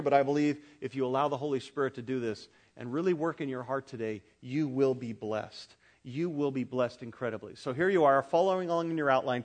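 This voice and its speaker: Man, middle-aged, pastor, sermon, somewhat high voice, emphatic, joking with the congregation. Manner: emphatic, rising to loud peaks and dropping to quiet asides; humorous, talks directly to the congregation.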